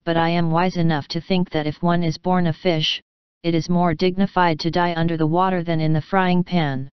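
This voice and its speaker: A rough-voiced tunny fish, calm, resigned and dignified, as a woman reads him aloud. The voice is low yet very clear. It is a storybook recording, dry and a little muffled. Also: normal speed, dry recording, lightly acted. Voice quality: rough, like an out-of-tune guitar. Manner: dignified, philosophical.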